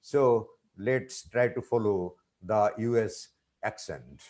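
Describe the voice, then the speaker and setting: A man's voice: on the low side, takes it slowly, darkish tone. A man with a Bangladeshi English accent, a presenter answering audience questions in an online webinar, reassuring and explanatory with frequent restarts. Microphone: video call.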